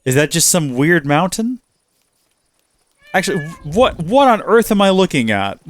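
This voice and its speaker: Lively man narrating his gameplay. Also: on the high side, unhurried, a little hiss or hum. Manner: animated, exclaims and talks to himself while playing. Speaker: gaming channel host. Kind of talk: let's play commentary.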